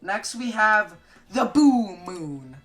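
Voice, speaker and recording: A woman giving casual gaming commentary, excitable, jokey and swearing a lot. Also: medium pitch, slow, soft background music. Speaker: gaming video creator.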